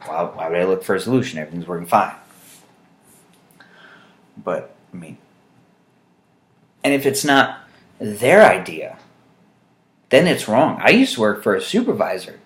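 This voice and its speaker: A man telling funny stories as a vlog monologue, wry and rambling, with loud mock voices for the people he quotes. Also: lowish voice, big pitch swings, normal speed, pauses often. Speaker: vlogger. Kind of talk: humorous storytelling monologue.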